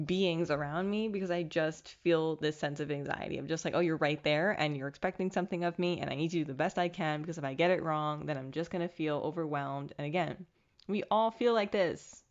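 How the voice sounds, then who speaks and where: A young woman talks through a casual solo podcast, candid and self-mocking, with a lowish voice. The recording sounds dull and lo-fi. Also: brisk. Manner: candid, self-mocking, animated with bursts of laughter. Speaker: podcast host.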